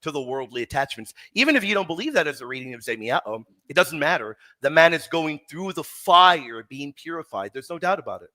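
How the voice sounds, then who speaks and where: A man hosting a heated livestream debate, teasing his opponent and repeating words in quick bursts. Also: on the high side, very animated, bright, forceful tone. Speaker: debate host.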